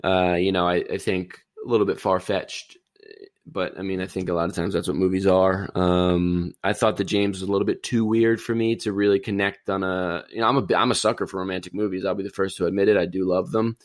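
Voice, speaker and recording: A man's voice: low-pitched, little pitch movement, brisk, no room sound, studio quality. A man in casual chat, retelling a movie plot in a rambling, easygoing way.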